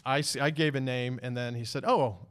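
A man's voice: medium pitch, fairly even intonation, a little fast, a bit bright, smooth. Chatty man telling backstage stories. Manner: chatty storyteller, laughs often. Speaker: podcast host. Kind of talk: casual chat.

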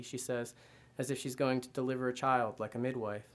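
A man reads his own literary fiction aloud in the first person. His delivery is measured and even, with very little rise and fall in his middle-pitched voice. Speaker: reader.

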